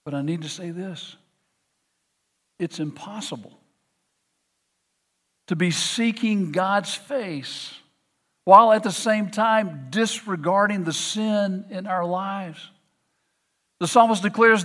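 A man's voice: high-pitched, unhurried, fairly bright tone. A middle-aged man preaching a sermon, earnest, often restarting with repeated words. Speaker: pastor.

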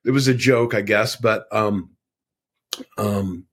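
A man's voice: lowish voice, slow, a bit bright, husky. An older man telling a long personal story as a podcast guest, earnest and rambling, with many fillers. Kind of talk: conversational storytelling.

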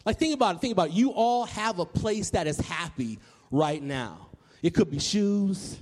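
High-voiced man telling a story in a hall. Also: moderate pace, breathy edge. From Nashville, Tennessee, US. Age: 30s. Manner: animated, repeats words, acts out remembered voices. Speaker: public speaker. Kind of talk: storytelling speech to a live audience.

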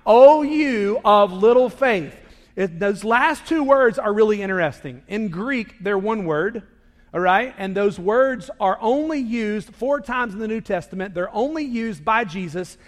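A man preaching a sermon indoors, moving between hushed, intimate lines and loud, emphatic ones. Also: sits high, expressive, normal speed. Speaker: pastor. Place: indoor worship hall. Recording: reverberant hall.

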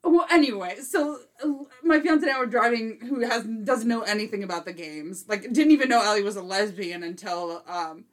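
A woman's voice: medium pitch, normal speed, hardly any pauses. A young woman hosting a podcast, chatting casually, rambling through a story with frequent laughs. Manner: rambling storyteller, laughing often, voice jumps up when quoting. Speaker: podcast host. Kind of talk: casual chat.

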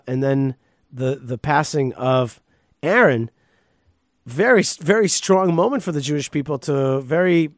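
Animated rabbi teaching, dry close sound. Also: male voice, on the high side, no room sound. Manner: animated, reads verses then riffs with restarts and emphatic outbursts. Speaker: rabbi and podcast host. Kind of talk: casual Torah teaching.

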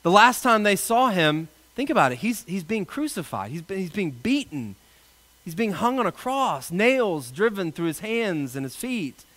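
A male pastor delivering a sermon, an animated storyteller who jokes with his congregation. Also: high voice, moderate pace.

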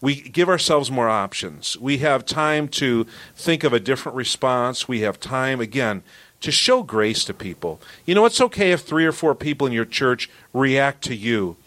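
A man's voice: mid-range voice, lively intonation, normal speed, fairly bright tone. A man who is a pastor, co-hosting a podcast and talking earnestly about church leadership. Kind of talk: casual podcast talk.

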